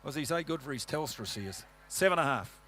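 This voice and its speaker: A man's voice: a little high, lively intonation, fast talker, pushed and bright, husky, soft background music. A man working as an auctioneer, rattling off rhythmic rolling bid calls and tossing joking asides to the bidders in a sale ring. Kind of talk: rapid auction chant.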